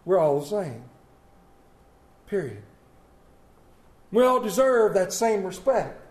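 A man preaching a sermon as pastor, impassioned and swinging from loud to hushed. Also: high voice, sing-song, slow pace. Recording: echoey church room.

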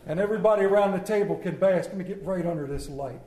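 A high-voiced man preaches in a church sanctuary, mixing scripture with humorous stories that poke fun at himself. His voice rings through a roomy, echoey hall. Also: quick pace, dark tone, slight background noise. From Maryland. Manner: storytelling, self-mocking humor. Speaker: pastor. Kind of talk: sermon.

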